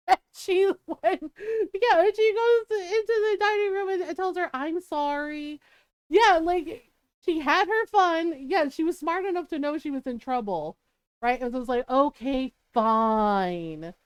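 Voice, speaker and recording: A woman's voice: extremely high pitch, normal speed, no echo, clean studio sound. A middle-aged woman streamer telling a family story in casual chat. She laughs often as she talks and acts out the people she quotes.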